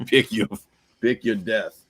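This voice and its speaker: A man's voice: lowish voice, slow, a bit bright, dry recording. A man in casual chat, telling a long profane joke in a rambling way.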